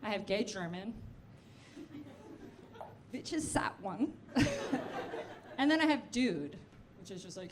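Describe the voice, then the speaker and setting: Animated woman doing stand-up. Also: a little high. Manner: chatty, quick asides to the crowd. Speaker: stand-up comedian. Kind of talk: stand-up comedy set. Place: comedy club stage. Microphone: handheld stage mic. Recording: noisy live club recording.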